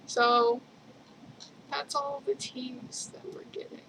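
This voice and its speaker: A young woman chats through her video journal in a high, unhurried voice. She rambles, giggles often and leans on ums and likes. A faint hiss sits under her voice. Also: little pitch movement, gravelly, a bit bright, poor audio. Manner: rambling, giggly, lots of fillers. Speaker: vlogger.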